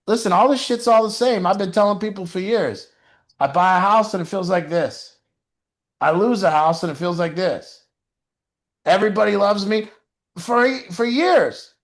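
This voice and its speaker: Brief: recovery mentor, male, lively and profane, higher-pitched casual talker. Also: moderate pace. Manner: animated, swearing, frequent "you know". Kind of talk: casual advice talk.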